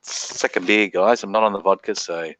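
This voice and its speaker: A man's voice: on the low side, fairly even intonation, normal speed, fairly bright tone, no echo. A middle-aged Australian man hosting a casual late-night stream, rambling, swearing freely and laughing often. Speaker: livestream host.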